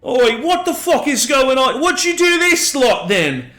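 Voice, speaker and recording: A man voicing a brash, foul-mouthed male elf who talks gruffly in British slang and bosses people about. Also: very high voice, sing-song, measured pace, sharp tone, faint music behind, pitched above the performer's own voice, heavily acted. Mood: irritated. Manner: gruff, swearing, bossy. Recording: roomy echo.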